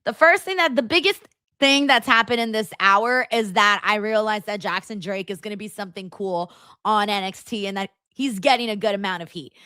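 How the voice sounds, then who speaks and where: A woman's voice: medium pitch, fairly quick, bright, forceful tone, clear, resonant tone, no room sound, studio quality. A woman hosting a live watchalong stream, chatting bluntly with her viewers in a casual, rambling way. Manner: chatty, blunt, full of fillers and asides to chat. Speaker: livestream host.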